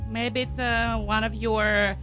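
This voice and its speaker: A woman's voice: on the high side, little pitch movement, takes it slowly, over music. A woman with an Eastern European accent hosting a radio show, chatting with a caller, laughing often and coaxing him to talk. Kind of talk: casual radio chat with a caller. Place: radio studio.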